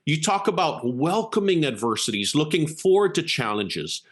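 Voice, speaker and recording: A man's voice: fairly high pitch, big pitch swings, normal speed, pitched above the performer's own voice. A man voicing an effusive, grateful older woman fan who gushes breathlessly at a book signing. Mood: gushing. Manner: gushing, breathless, emphatic.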